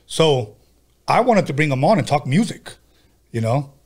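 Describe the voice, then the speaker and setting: A man's voice: a little high, sing-song, moderate pace, darkish tone. A man hosting a podcast, telling casual, profane stories in a laid-back way. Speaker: podcast host. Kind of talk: casual storytelling chat.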